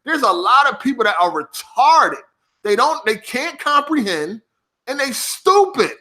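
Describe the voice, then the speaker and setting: A man's voice: extremely high pitch, unhurried. A podcast host, swearing heavily as he talks casually and snaps back at his livestream chat. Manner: profane, animated, reacting to chat.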